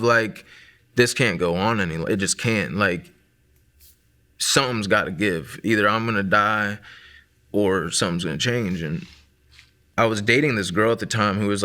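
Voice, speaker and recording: A man's voice: on the low side, bright, forceful tone. A man in his late twenties from Maryland, telling his personal testimony in a casual way, full of fillers and restarts. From Maryland, USA. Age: 20s. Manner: casual, filler-heavy storytelling with many likes and restarts. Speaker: guest sharing testimony.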